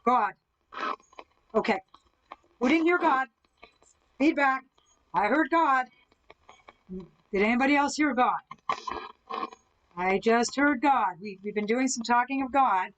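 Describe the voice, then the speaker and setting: On a muffled recording, a woman with a fairly high, slightly bright voice talks slowly and lively, pausing often. During her live-streamed paranormal session she questions spirits via a spirit box and responds to viewers, working with a gear-heavy rig centered on the box.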